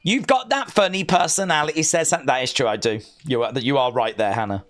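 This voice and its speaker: A man's voice: mid-range voice, a little fast, fairly bright tone. An English man with an English accent, hosting a wrestling watch-along live stream and chatting casually in a rambling, joking way. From England.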